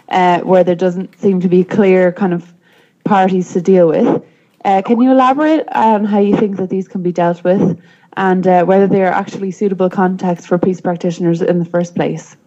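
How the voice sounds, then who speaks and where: A woman's voice: lowish voice, fairly even intonation, normal speed, dark tone. A woman student asking a seminar question over a video call, hesitant and apologetic with many fillers, on muffled audio.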